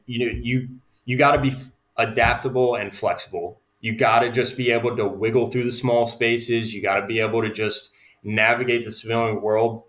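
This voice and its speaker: A male interview guest talking casually in a relaxed, chatty way. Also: fairly low pitch. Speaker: guest, veteran entrepreneur.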